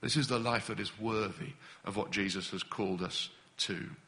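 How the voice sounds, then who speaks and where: Bright-voiced animated preacher man. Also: on the low side, normal speed. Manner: animated, acts out impatient voices. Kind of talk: sermon.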